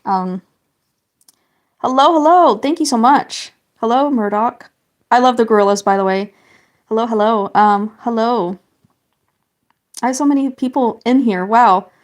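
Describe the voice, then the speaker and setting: Casting: young woman, slightly high voice, rambling friendly live-stream chatter with fillers. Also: moderate pace. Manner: chatty, reads viewer comments, many fillers and restarts. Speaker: livestreamer. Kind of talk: casual live-stream chat while colouring.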